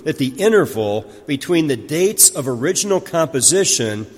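A man's voice: on the high side, very animated, moderate pace, slightly rough, big-room sound. A man preaching a teaching sermon, putting questions to the congregation and then answering them himself. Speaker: pastor.

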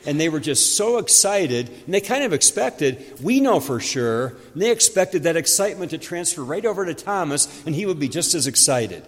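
A man's voice: on the high side, sing-song, normal speed, few pauses. Earnest male preacher in a reverberant hall. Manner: earnest, explaining scripture with rhetorical questions. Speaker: pastor. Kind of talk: sermon.

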